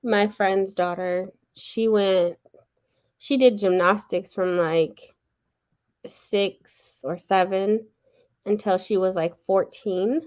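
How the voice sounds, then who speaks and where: Relaxed woman chatting on a livestream. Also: mid-range voice, slow pace. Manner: relaxed, storytelling, brief agreeing replies. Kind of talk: casual livestream chat.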